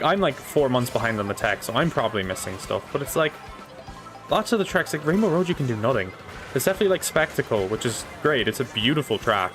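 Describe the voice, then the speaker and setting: A man's voice: medium pitch, a bit bright. Chatty young man streaming a race. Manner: rambling, chatty, swears casually. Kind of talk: casual live gameplay chat. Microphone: desk microphone.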